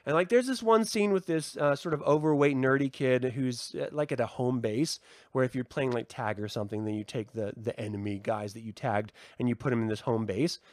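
A man hosting his own podcast, excitedly chatting, laughing and swearing often. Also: mid-range voice, brisk, no room sound. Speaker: podcast host. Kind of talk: casual podcast chat.

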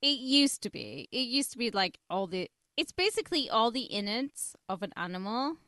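A woman's voice: on the high side, sing-song, normal speed, sharp tone, no room sound, studio quality. A woman co-hosting a podcast, chatting bluntly and swearing freely. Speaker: podcast co-host. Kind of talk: casual chat.

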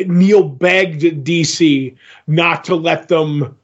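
A man with a slightly high voice speaks extremely slowly as he co-hosts a podcast, rambling casually about a comic book. He keeps restarting his sentences and reads quotes aloud in little voices, all captured in dull lo-fi podcast audio.

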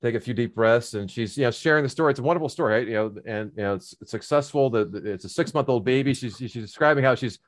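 A man's voice: mid-range voice, fast, few pauses. A middle-aged man casually telling a long personal story, rambling with many fillers and restarts.

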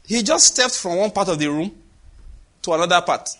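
A man preaching a sermon, animated and dramatic, acting out voices and sound effects. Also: high-pitched, moderate pace.

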